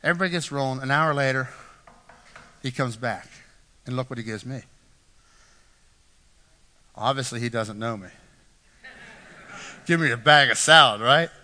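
A man's voice: mid-range voice, moderate pace, pauses often, bright, forceful tone. A middle-aged man preaching a sermon, telling self-deprecating stories with frequent "right?" asides. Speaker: pastor. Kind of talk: storytelling sermon. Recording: echoey hall reverb.

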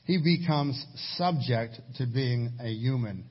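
Man, middle-aged, pastor's sermon, husky voice, muffled lo-fi audio. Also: mid-range voice, slow pace. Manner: storytelling, animated with sudden raised emphasis. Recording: dull lo-fi sermon recording.

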